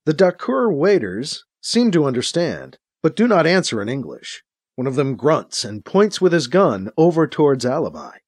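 A man narrating a science fiction audiobook in a dramatic, expressive reading. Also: fairly high pitch, moderate pace, dry recording, clean studio sound. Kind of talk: audiobook narration, acting out scenes.

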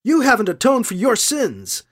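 Audiobook figure: a reader voicing a bitter unstable woman, shrill and accusing, voice leaping high. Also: huge pitch swings, normal speed. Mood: scornful. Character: unhinged bitter woman confronting a man.

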